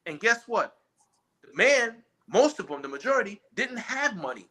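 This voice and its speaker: A man's voice: high voice, very animated, normal speed, bright, forceful tone. A man talking in a casual, opinionated chat, emphatic and rambling, often restarting his sentences.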